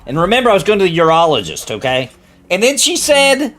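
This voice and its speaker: A man casually chatting on a game stream, telling stories with lively shifts in voice. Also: quick pace, slight background noise. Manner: animated storyteller, jumps high when quoting people. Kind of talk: casual gaming stream chat.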